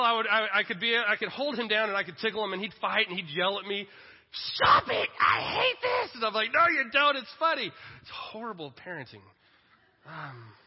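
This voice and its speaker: A man in his forties with a high voice delivers a lively sermon, mixing the story with self-deprecating jokes. The recording sounds dull and lo-fi, with a long echo from a large hall. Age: 40s. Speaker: pastor.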